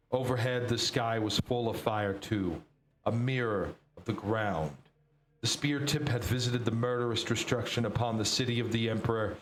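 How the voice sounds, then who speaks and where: Brief: male reader narrating a novel aloud, steady, mid-pitched, roomy echo, faint background hiss. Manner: steady read-aloud with occasional slips. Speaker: book reader streamer.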